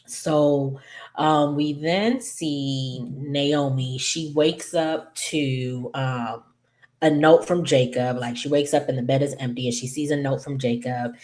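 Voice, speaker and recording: Woman, deep low voice, casual episode recap, rambling, lots of ums and asides. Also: fairly even intonation, takes it slowly, darkish tone. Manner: rambling, filler-heavy, apologetic asides. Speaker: YouTube TV recap host.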